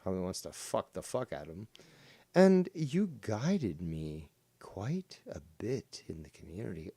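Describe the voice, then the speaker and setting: Combative man with a lively swinging voice. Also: low voice, a little slow, gravelly, husky, no echo. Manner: combative, reading chat aloud, swearing. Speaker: streamer host. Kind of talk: casual livestream chat.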